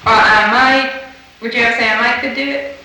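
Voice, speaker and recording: A woman's voice: a little high, fairly even intonation, brisk, pushed and bright, recorded from a distance. A woman fieldworker running a structured interview, patiently prompting with fill-in-the-blank questions. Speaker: dialect fieldworker. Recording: very echoey room, faint hiss, off-mic.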